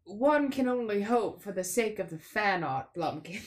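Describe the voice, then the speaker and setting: A woman's voice: mid-range voice, animated, moderate pace. A woman playing a tabletop game, teasing and playfully mock-formal. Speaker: player. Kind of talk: casual tabletop role-play chat.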